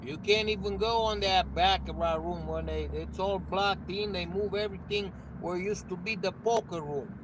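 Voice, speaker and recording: A man in casual chat, gossiping in a plain, halting way with many restarts. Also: sits high, steady tone, background noise.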